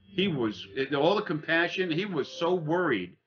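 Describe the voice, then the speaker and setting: A man telling a long personal story in casual speech, halting often with fillers and restarts and swearing bluntly. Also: a little high, animated, a bit bright, highs cut off. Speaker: interviewee.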